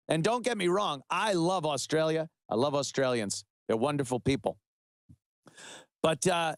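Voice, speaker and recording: Sarcastic ranting man, bit high. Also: no room sound, clean studio sound. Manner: sarcastic, mocking, emphatic. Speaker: web show host. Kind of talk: ranting political commentary.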